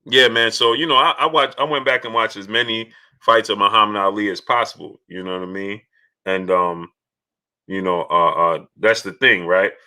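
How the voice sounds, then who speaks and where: A man hosting a casual live stream, halting with many fillers and pauses as he reads viewer messages. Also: lowish voice. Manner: halting, many fillers, bursts of excited yelling at a game. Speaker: live stream host reading super chats.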